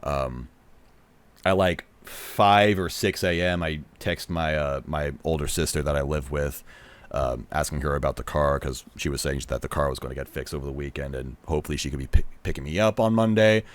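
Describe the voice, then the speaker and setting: A man's voice: very deep voice, normal speed. A young man casually telling a long story to camera, rambling with many fillers and restarts and quoting what people said. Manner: rambling, lots of fillers and restarts, nervous laughs; acts out others' lines in quoted voices. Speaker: vlogger recounting a festival trip.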